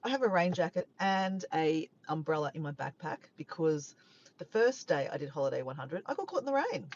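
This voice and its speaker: A woman's voice: sits low, very animated, a little fast, muffled recording, a little hiss or hum. A woman with an Australian accent, chatting casually to a live stream from her parked car, rambling and tripping over her words. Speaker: vlogger.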